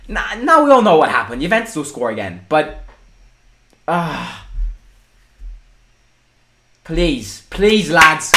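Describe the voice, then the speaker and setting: A young man hosting a live football watchalong, excitable, breaking into shouts and swearing. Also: on the high side, takes it slowly, long pauses. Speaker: fan channel host.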